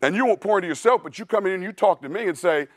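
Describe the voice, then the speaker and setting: Emphatic coach, slightly high voice. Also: male voice, lively intonation, racing, no echo, clean studio sound. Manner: emphatic, preachy, blunt; casual, says "dude" a lot. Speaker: strength coach. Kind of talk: clinic presentation.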